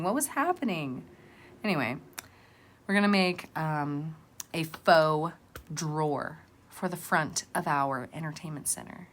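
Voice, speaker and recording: A woman's voice: sits low, lively intonation, normal speed, fairly bright tone. A woman vlogger narrating a casual crafting tutorial in a rambling, chatty, self-deprecating way.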